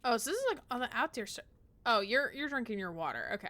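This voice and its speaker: A woman chats her way through a live-streamed puzzle game, excitable and gushing, with casual swearing. Her voice sits a little higher than most women's. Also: quick pace. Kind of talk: live-streamed gameplay chat.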